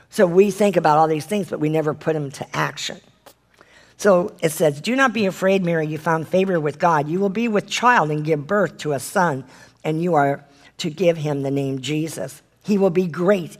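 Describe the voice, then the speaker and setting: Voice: mid-range voice, moderate pace. A Bible study leader reading scripture aloud and preaching, earnestly asking the listeners direct questions and now and then stumbling and correcting the reading.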